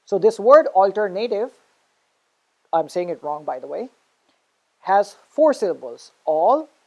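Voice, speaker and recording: A woman's voice: fairly low pitch, sing-song, gravelly, highs cut off. Woman teaching English pronunciation. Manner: explains slowly, checks in with "okay?". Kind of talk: online English lesson.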